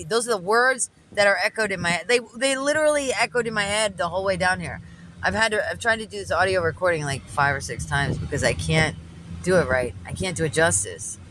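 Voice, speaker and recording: A woman telling a story in a loud, animated, profane way, recorded in a car. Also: lowish voice, brisk, noisy background. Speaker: delivery driver and vlogger. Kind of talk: casual storytelling.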